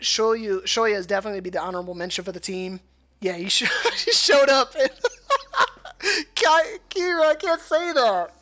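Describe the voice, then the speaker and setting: A man casting a live esports match alone, excitable and laughing often, his voice worn hoarse from shouting. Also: high voice, normal speed, pauses often. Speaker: solo esports caster. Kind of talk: live esports play-by-play commentary.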